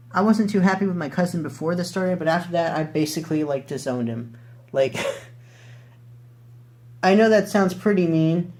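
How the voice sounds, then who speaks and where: A man's voice: on the high side, a little mellow. A young man vlogger telling a story casually, rambling with lots of fillers and swearing freely.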